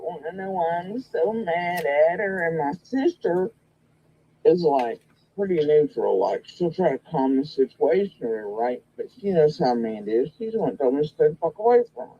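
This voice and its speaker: A woman's voice: fairly low pitch, husky, dull audio. A woman telling a long gossip story in a casual, rambling way, full of swearing and quoted retorts. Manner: profane, rambling and animated. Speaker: guest in a recorded conversation.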